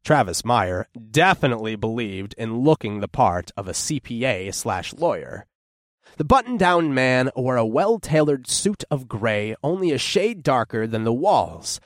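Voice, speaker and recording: Expressive male audiobook narrator. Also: mid-range voice, no room sound, studio quality. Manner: expressive, descriptive storytelling. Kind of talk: first-person scripted narration.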